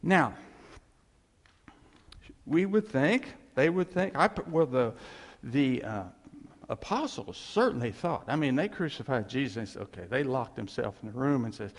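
A man's voice: mid-range voice, lively intonation, measured pace. A man preaching a sermon as a pastor, emphatic and repetitive, with chuckling asides. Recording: echoey hall reverb.

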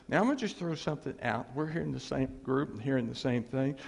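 A man preaching a sermon as a pastor, animated and laughing often, dropping to a hush on key phrases. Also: mid-range voice, quick pace, vocal fry, few pauses, slightly rough. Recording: long hall reverb.

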